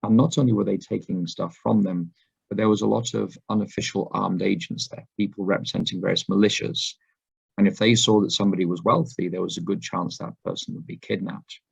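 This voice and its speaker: A man giving a sermon talk to a congregation, hoarse after laryngitis, unhurried and full of ums and uhs. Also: low-pitched, fairly even intonation. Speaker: guest speaker. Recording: dull lo-fi recording.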